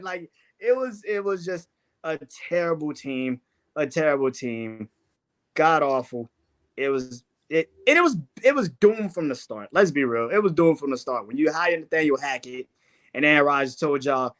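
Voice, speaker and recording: A man's voice: a little high, lively intonation, normal speed, bright, forceful tone. A young man on a sports show, ranting in casual, profane talk and laughing often.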